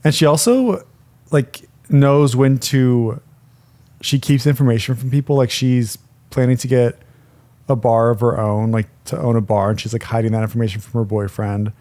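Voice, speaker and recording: A man's voice: mid-range voice, normal speed, mellow. A man co-hosting a podcast, chatting casually about a film and often hedging his points, recorded on a microphone in a small room. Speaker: podcast co-host. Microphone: studio microphone.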